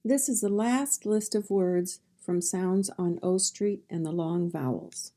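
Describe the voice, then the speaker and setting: A woman's voice: mid-range voice, a little slow, few pauses, dark tone. A woman teaching a phonics lesson, sounding out words one sound at a time and then saying each word whole.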